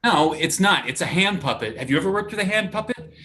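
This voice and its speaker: A man's voice: sits high, lively intonation, fast talker, bright, forceful tone. An actor playing an earnest, indignant male TV actor in a live play reading over a video call. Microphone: home computer mic on a video call.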